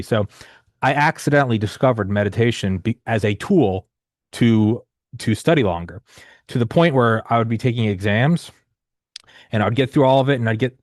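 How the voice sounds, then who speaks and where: Man, thirties, low voice, dry close sound, rambling, swears freely, casual storytelling. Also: fairly quick, no room sound. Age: 30s. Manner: rambling, profane, frequent restarts and fillers.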